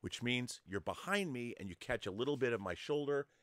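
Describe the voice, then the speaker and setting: A man's voice: mid-range voice, animated, brisk, a bit bright, dry recording. Lecturing male film-show host. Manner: talks straight to the viewer, lecturing with examples. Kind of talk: explanatory film commentary.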